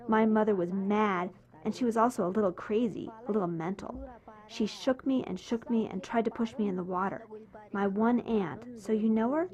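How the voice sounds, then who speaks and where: Female voice-over translator, first-person storyteller, animated, middle pitch. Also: moderate pace. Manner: animated storytelling, voicing quoted people.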